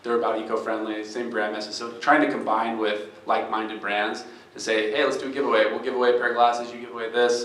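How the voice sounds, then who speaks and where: A man's voice: fairly low pitch, fairly bright tone. A man who founded a startup speaks earnestly to a live event audience. He tells a story with many restarts. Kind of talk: live fireside chat. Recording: echoey room.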